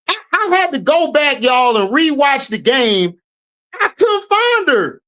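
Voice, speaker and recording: Animated trash-talking woman host. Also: high voice, unhurried. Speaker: show host, sports commentator. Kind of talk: casual sports commentary.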